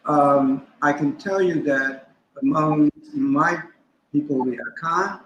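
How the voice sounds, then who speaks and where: A man gives a measured, instructive explanation, taking his time over each point. His voice sits a little high for a man. The recording picks up a roomy echo around him. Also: a bit bright, muffled recording, a little hiss or hum. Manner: deliberate, instructive, spells out terms. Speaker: guest scholar. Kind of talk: teaching in a conversation.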